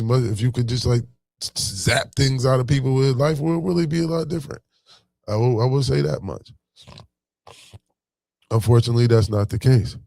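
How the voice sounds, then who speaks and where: A man's voice: medium pitch, vocal fry, dark tone, no echo. A man from Buffalo with a Buffalo accent giving a casual motivational talk, slangy and full of "you know what I'm saying.". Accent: Buffalo, New York. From Buffalo, New York. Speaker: vlogger.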